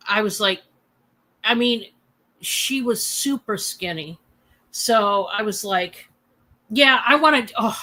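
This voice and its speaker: A woman hosts her own livestream at home, her medium-pitched voice bright and forceful despite poor audio. She tells a personal story in a rambling, heartfelt way, with many fillers and restarts.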